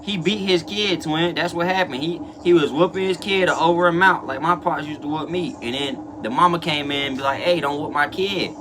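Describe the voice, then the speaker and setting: A man's voice: fairly high pitch, brisk, hardly any pauses, noisy background. A young man hosting a reaction video, talking casually in slang and rambling to his chat.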